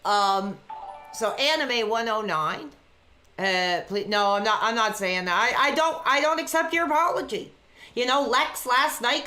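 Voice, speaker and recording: A woman chatting casually on a live stream, reading out messages from viewers and reacting excitedly to a wrestling match from a dark room at home. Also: on the high side, normal speed. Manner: chatty, reads out chat messages between excited play-by-play reactions.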